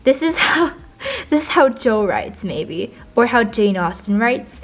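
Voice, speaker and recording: A woman's voice: a little high, very animated, unhurried. Teenage girl, casual vlog chat, playful and giggly, hams up her read-alouds. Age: teens. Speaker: vlogger. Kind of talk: casual notebook tour.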